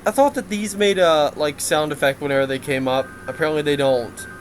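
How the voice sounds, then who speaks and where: A man's voice: a little high, brisk, a little hiss or hum, rough recording. A man giving a casual game development update, rambling with lots of fillers and frequent laughs.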